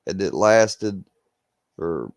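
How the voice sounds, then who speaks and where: A man's voice: sits low, animated, drawn-out words, no echo. A young man, a YouTuber ranting to his viewers, agitated and swearing as he repeats himself. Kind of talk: venting rant to camera.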